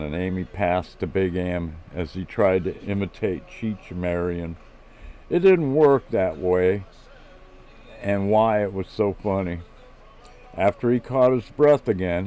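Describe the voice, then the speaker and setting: A man's voice: deep voice, unhurried, mellow. A man reading his own first-person story aloud in a plain storytelling manner with small restarts.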